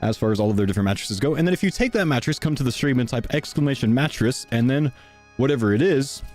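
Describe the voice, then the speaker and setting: A young man streaming live, a little out of breath as he chats his way through a sponsor segment. His voice sits at an ordinary middle pitch, loose and conversational. Faint music plays behind him. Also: expressive, quick pace, darkish tone. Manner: casual, chatty, talks to chat.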